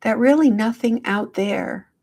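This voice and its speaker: Middle-aged woman, spiritual host, unhurried gentle live chat into a phone. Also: fairly high pitch. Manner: slow, gentle, affectionate, greets viewers by name. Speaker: hypnotherapist livestream host. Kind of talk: casual live-stream check-in.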